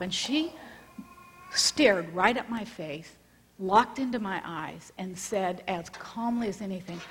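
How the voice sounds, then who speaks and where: A woman giving a sermon, telling a story reflectively and dropping her voice to a hush at times. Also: mid-range voice, expressive, takes it slowly, slight background noise. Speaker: speaker addressing a congregation. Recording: long reverb of a large hall.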